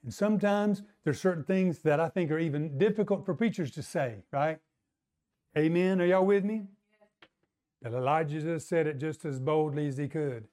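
A male preacher with a high voice gives a sermon. He talks conversationally and keeps calling out to the congregation for a response. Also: moderate pace, warm tone. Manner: conversational, calls for audience response.

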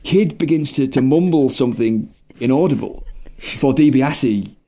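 A man's voice: mid-range voice, normal speed, dark tone. A man co-hosting a casual podcast, recapping wrestling with wry sarcasm and frequent laughter. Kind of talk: casual comedic recap chat.

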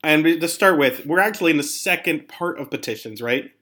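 A man's voice: a little high, lively intonation, fairly quick, bright, forceful tone. A man hosting a podcast, chatting casually with fillers and a rambling manner. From Pennsylvania. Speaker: podcast host. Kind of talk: casual interview chat.

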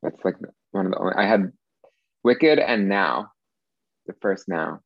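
A young man co-hosting a podcast with a gravelly, lowish voice. He rambles and loses the thread mid-sentence. The recording is dull and lo-fi and dry. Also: unhurried, no room sound. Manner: rambling, trailing off mid-thought. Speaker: podcast co-host. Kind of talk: casual chat.

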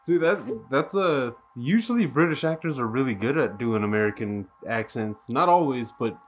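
A man talking at an everyday pitch in a loose, rambling way. He strings his points together with fillers and swearing, and breaks into laughter often. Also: expressive, moderate pace, slightly rough. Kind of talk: casual chat.

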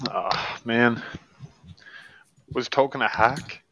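A man's voice: mid-range voice, extremely slow, a bit bright. A man co-hosting a casual podcast, wry and full of offbeat questions. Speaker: podcast co-host. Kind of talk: casual chat. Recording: dull dry mic.

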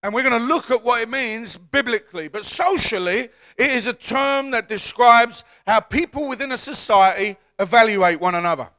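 A man, a pastor, preaching a lively call-and-response sermon in a church, building to shouts and coaxing the congregation to repeat words. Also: very high voice, normal speed, few pauses.

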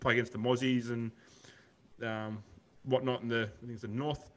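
A man's voice: medium pitch, level tone, normal speed, fairly bright tone. A man with an Australian accent co-hosting a podcast, chatting in a rambling, laid-back way and calling his co-host mate. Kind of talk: casual chat.

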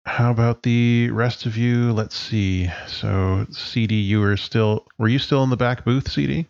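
A man narrating a tabletop game as game master in a relaxed, descriptive way with frequent fillers. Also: medium pitch, unhurried, creaky, no room sound, dull audio.

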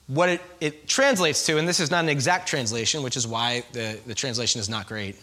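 A man preaching a sermon to his congregation in a conversational, animated way, with frequent asides to the listeners. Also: mid-range voice, a little fast. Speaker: pastor.

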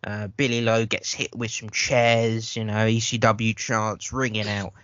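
A man talks through a film in loose, swearing podcast chat, tripping over restarts as he goes. His voice is bright and forceful. The sound is dull and lo-fi, and dry up close. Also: on the low side, level tone, measured pace, no echo. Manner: rambling, profane, stammers on restarts. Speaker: podcast host. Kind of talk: casual film review chat.

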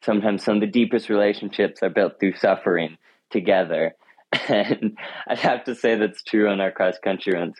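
Teenage boy, interview guest, earnest, thoughtful, low voice, dry sound. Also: no room sound, rough recording. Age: teens. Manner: thoughtful, earnest, with frequent restarts. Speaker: high school runner and guest.

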